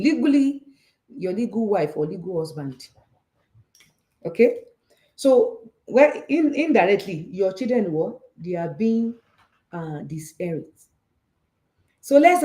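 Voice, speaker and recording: A woman with a Nigerian Yoruba accent hosting a talk show on personal finance. She talks in a casual, animated way, repeats herself, and keeps checking that listeners follow. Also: mid-range voice. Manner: animated and repetitive, with frequent rhetorical checks. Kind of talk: casual teaching talk, switching between English and Yoruba. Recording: roomy echo.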